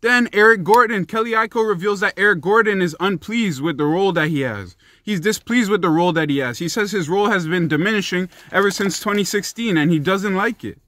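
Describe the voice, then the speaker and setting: A man's voice: high voice, a little fast, hardly any pauses, a bit bright, dry recording. A young man giving heated, profane sports commentary in a ranting vlog style.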